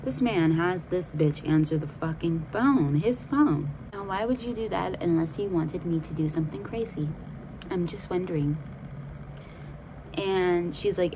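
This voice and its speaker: Low-voiced woman ranting through her own story, swears nonstop, noisy background. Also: measured pace, dark tone. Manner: blunt, heavily profane, slangy. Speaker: podcast host. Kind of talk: casual storytelling monologue.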